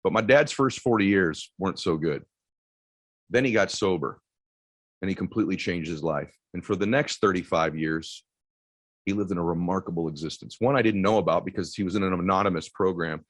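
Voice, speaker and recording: A middle-aged man with a deep voice giving an intense motivational speech, telling a personal story that sometimes drops to a hush. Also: fairly quick, no echo, rough recording. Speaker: motivational speaker.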